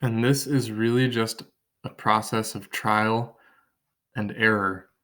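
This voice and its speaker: A man's voice: on the low side, steady tone, slow pace, fairly bright tone. A man teaching an online writing lesson from his kitchen table, thinking aloud and counting syllables as he drafts.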